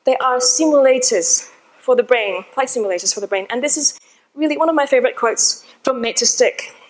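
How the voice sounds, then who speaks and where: The recording is rough, but this high-pitched, brisk female conference speaker comes through as she tells a live audience a personal story. She's chatty and self-deprecating, frequently laughing at herself.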